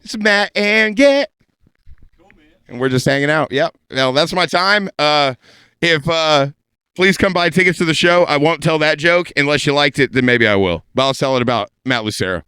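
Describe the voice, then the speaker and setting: A stand-up comedian telling a crude story in a podcast studio, with a brash, animated delivery. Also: male voice, a little high, fairly quick, smooth, no room sound.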